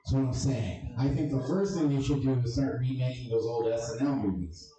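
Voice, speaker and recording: A man's voice: medium pitch, fairly quick, dark tone. A man doing a stand-up comedy set with crude, abrasive and self-deprecating jokes. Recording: echoey room, distant mic, crowd audible.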